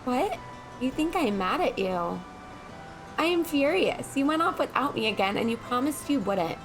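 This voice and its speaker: A woman's voice: high-pitched, expressive, moderate pace, faint music behind, pitched above the performer's own voice, poor audio. A woman voicing a spirited, bossy little girl while reading game dialogue aloud. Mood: indignant.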